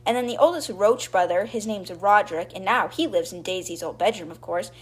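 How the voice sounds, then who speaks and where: A woman's voice: mid-range voice, fairly quick, breathy edge. Chatty young woman recapping a story. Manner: chatty, acts out quotes in brief voices. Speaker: podcast host retelling a book.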